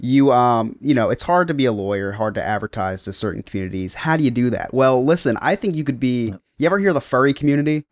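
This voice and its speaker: A man co-hosting a podcast, pitching a joking idea in playful casual chat. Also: animated, quick pace, hardly any pauses, dry recording, studio quality. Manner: playful, teasing, laughs along. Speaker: podcast co-host.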